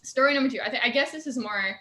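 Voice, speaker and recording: A woman's voice: high voice, racing, sharp tone. A young woman telling stories from her student robotics team in a casual chat, with lots of fillers and laughter. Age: young adult. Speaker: guest. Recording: echoey room.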